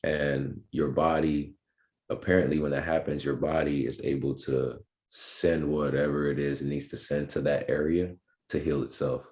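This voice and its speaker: A young man with an extremely deep, low voice speaks as a podcast guest. He tells his story in a relaxed, unhurried way and fills his pauses with ums and restarts. The feel is casual interview talk. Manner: laid-back, filler-heavy storytelling. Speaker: podcast guest, pro basketball player.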